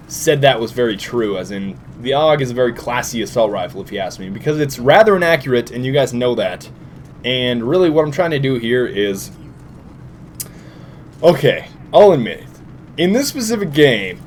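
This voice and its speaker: Young man, sleep-deprived, lively swooping voice, goofy outbursts, faint background noise. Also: mid-range voice. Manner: animated, jokey, sudden loud outbursts. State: tired, short on sleep. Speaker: gaming commentator. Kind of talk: casual gameplay commentary.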